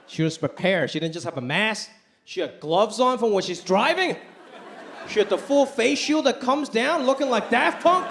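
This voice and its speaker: Animated high-voiced man doing stand-up. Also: normal speed, vocal fry. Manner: animated, acts out quoted voices. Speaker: stand-up comedian. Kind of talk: stand-up comedy routine. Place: comedy club stage. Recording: live club recording with crowd noise. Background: audience laughter.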